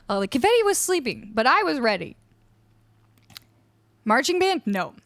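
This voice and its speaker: A woman's voice: high-pitched, sing-song, moderate pace, long pauses, fairly bright tone, no echo. A woman from Canada chatting casually on a live music stream, greeting viewers and reading out their chat messages. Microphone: studio microphone.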